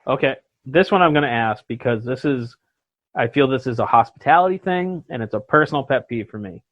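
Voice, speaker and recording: A man's voice: mid-range voice, expressive, a little fast, dry recording. Casual, laughing podcast host man. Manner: joking, laughs often. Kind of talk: casual chat. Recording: dull lo-fi podcast audio.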